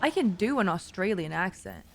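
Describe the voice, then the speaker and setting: A woman's voice: on the low side, wildly swooping pitch, normal speed. A woman streamer joking and chatting while playing a horror game. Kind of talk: casual gaming commentary.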